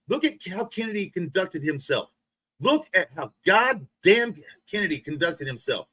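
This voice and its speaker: A man's voice: high voice, sing-song, moderate pace, bright, forceful tone, slightly rough, dry recording. Heated, profane man ranting. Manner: profane, heated, repeats himself with restarts. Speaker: livestream host. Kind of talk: ranting casual monologue.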